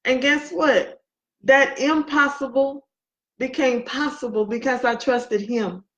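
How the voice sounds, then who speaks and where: A woman's voice: high voice, fairly even intonation, takes it slowly, fairly bright tone. A woman giving an inspirational faith talk, speaking emphatically and repeating key phrases for effect. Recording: dull lo-fi recording.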